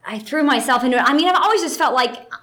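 A woman voice actress telling stories in a casual interview, chatty and animated, with plenty of fillers. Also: high voice, fast talker.

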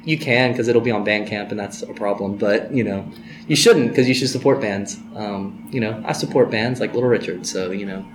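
A man being interviewed about his band, talking in a loose, rambling way, full of fillers and quick laughs. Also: lowish voice. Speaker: guest musician in a band. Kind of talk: casual interview chat. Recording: roomy with faint noise.

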